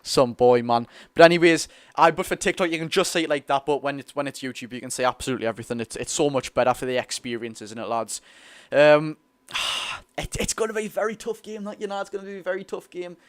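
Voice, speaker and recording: A young Geordie from North East England, this football fan streamer talks fast in a fairly high, clear, resonant voice, recorded dry. He chats casually and excitably with viewers during a live match watch-along, reading their comments aloud.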